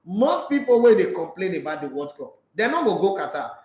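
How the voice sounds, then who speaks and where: A Nigerian man hosting a casual sports live stream, reading out viewer comments and answering in a blunt, animated way, slipping into Pidgin. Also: sits high, brisk, roomy sound, low-quality recording.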